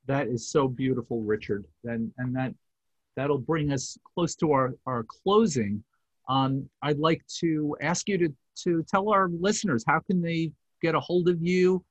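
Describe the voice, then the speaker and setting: Man, podcast host, husky voice, appreciative, slightly halting, dry close sound. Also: on the high side, dry recording, poor audio. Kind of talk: interview wrap-up.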